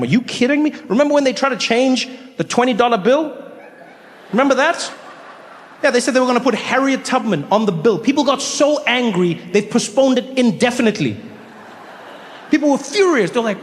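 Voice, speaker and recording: A man's voice: very high-pitched, animated, fairly quick, in a large hall, slight background noise. A man doing stand-up comedy, telling stories animatedly and asking rhetorical questions. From South Africa. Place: comedy stage before a live audience.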